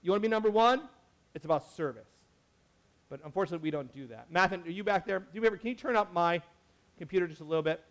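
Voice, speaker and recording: A man's voice: high-pitched, lively intonation, fast talker. A man preaching a sermon in a casual, conversational way, correcting himself often and acting out the people he quotes. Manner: conversational, lots of "like" and self-corrections, acts out quotes. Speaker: pastor.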